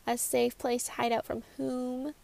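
A woman voicing a dry, suspicious older woman who speaks slowly and flatly. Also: fairly high pitch, gravelly. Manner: dry and flat.

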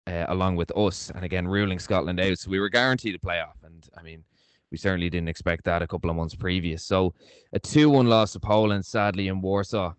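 A man's voice: sits low, steady tone, a little fast, clear, resonant tone, no echo. A man from Ireland recapping a football campaign in casual podcast chat, thinking aloud. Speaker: podcast co-host.

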